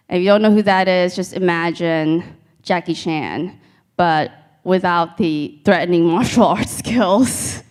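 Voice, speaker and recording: Slow, deadpan woman doing stand-up. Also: fairly low pitch. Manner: deadpan storytelling with crowd asides. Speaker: stand-up comedian. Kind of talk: stand-up comedy set. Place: live comedy stage before an audience.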